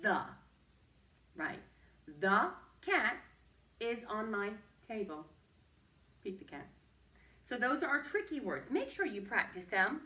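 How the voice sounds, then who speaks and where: A woman's voice: fairly high pitch, big pitch swings, unhurried, pauses often, sharp tone, reverberant, distant mic. A woman teacher leading a young children's phonics lesson, patient and sing-song, coaxing them to repeat after her. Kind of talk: early-reading phonics lesson.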